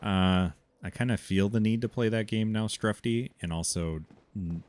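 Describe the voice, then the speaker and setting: A man streaming a video game, chatting casually and reacting out loud with excitement. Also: lowish voice, moderate pace. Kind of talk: casual gaming commentary.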